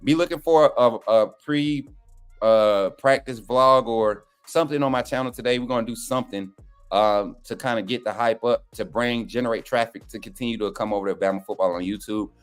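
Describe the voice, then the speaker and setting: A man's voice: mid-range voice, moderate pace, clear, resonant tone, faint music behind. A young man, a co-panelist on a sports show, chatting casually and folksily with his viewers. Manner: relaxed, folksy, addresses viewers as y'all. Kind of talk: casual live stream chat.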